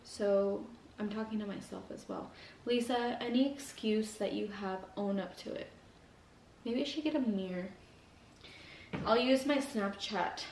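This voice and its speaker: A woman's voice: medium pitch, a little slow, a little mellow, slight background noise. A young woman vlogging while eating, talking earnestly and rambling with lots of "like". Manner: rambling, heavy use of "like", earnest. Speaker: mukbang vlogger. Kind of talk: casual motivational chat while eating. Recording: echoey room, mic at a distance.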